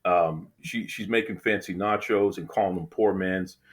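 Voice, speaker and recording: A man's voice: sits low, steady tone, normal speed. A man from Boston hosting a casual interview, teasing his guest playfully and often repeating words as he starts a sentence. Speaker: podcast host.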